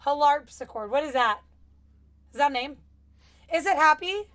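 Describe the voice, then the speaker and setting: Co-host: young woman, bright high voice, chatty and apologetic, streaming from home. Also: expressive, normal speed. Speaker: youth group co-host. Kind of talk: casual live-stream chat. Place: home with small children.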